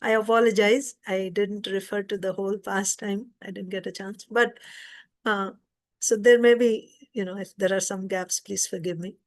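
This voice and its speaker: A woman's voice: mid-range voice, fairly even intonation, normal speed. A woman teaching an informal scripture class, retelling a story conversationally and stopping to explain.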